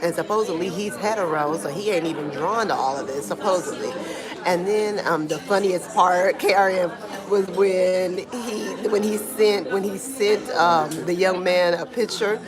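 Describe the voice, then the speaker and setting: A woman giving casual live-stream commentary from home in Brazil, talking in a slangy, animated way and answering chat comments, with a small clip-on mic. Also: on the low side, normal speed, a crowd in the background. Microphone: small clip-on microphone being tested. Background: Brazilian music playing.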